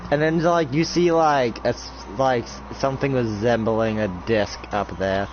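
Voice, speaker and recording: Young male game master, rambling casual narration, mid pitch, muffled lo-fi sound. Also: normal speed, noisy background. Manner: rambling, filler-heavy narration. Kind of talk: casual role-play narration.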